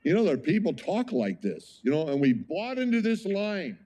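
A man's voice: high-pitched, big pitch swings, normal speed, mellow. A male pastor preaching a sermon in an emphatic, conversational way, often asking the congregation rhetorical questions.

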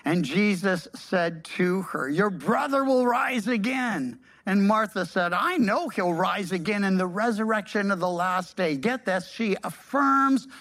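Male pastor, unhurried delivery, reads scripture and breaks into casual animated asides. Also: high-pitched. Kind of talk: sermon reading and commenting on scripture.

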